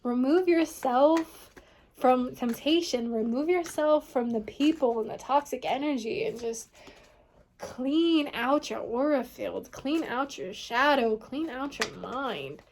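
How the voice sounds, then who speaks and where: A woman's voice: sits high, takes it slowly, a little mellow, slight background noise. Rambling woman giving a tarot reading. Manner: rambling, leans on "like" and "you know what I mean". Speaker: tarot reader.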